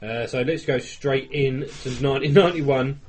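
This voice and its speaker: A man's voice: mid-range voice, normal speed, a little mellow. A man hosting a podcast, chatty, leading the talk through a list in casual banter. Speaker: podcast host.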